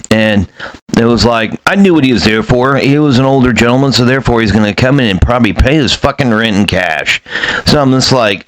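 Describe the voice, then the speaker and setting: A man's voice: medium pitch, brisk, a bit bright, low-quality recording. A man telling stories in a casual, rambling monologue, blunt and profane, with many fillers. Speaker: former self-storage manager.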